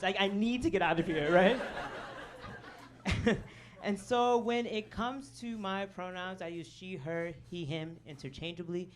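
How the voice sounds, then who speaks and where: Stand-up comic, south-suburban Chicago, casual rambling delivery, live club tape with background noise. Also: female voice, on the low side, normal speed. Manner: casual storytelling, peppered with "um" and "right?". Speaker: stand-up comedian. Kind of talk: stand-up comedy set. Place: comedy club stage. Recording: noisy live club recording.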